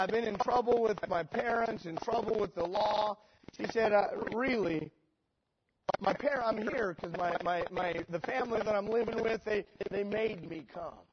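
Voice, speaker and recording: A middle-aged man preaching a sermon through a story, moving between dry sarcasm and loud emotional peaks. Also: high voice. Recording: dull lo-fi sermon recording with noise.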